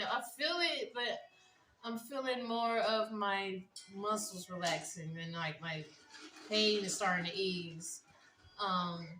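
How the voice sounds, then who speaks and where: A woman vlogging casually, talking in a loose, rambling way with lots of fillers, mildly high and relaxed. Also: echoey room, recorded from a distance, noisy background. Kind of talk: casual vlog chat. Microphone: phone.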